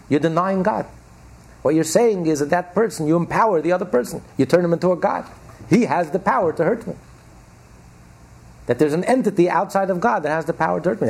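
A man's voice: on the high side, creaky, darkish tone, husky. A man teaching as a rabbi, giving an emphatic religious lecture full of rhetorical questions and repetition.

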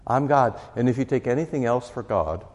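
A man's voice: mid-range voice, lively intonation, fast, warm tone, big-room sound. A man teaching a catechism class as pastor, talking conversationally and often checking in with his listeners. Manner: conversational, often asks "right?".

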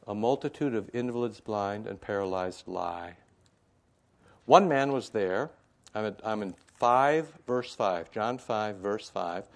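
A male pastor preaching a conversational sermon in a church, full of asides and rhetorical questions. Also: mid-range voice. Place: church sanctuary.

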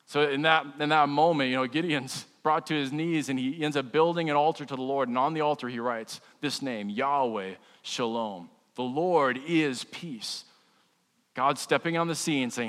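A man's voice: medium pitch, moderate pace, fairly bright tone, long reverb tail. A man, a pastor, preaching a sermon in a casual, humorous way with frequent restarts.

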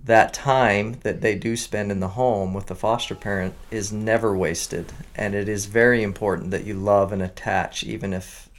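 A man hosts a radio interview with a low voice. He asks questions in a conversational, supportive way, using plenty of fillers. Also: fairly even intonation, normal speed, few pauses. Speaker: radio show host.

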